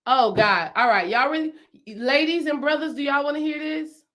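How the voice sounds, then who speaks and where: A woman with a slightly high voice coaches her viewers on spiritual matters in a loose, conversational way. She leans on repetition to drive points home and keeps checking in with her audience. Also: normal speed, sharp tone. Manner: emphatic, repeats phrases for stress; chatty, asks the audience questions. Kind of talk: casual spiritual teaching to viewers.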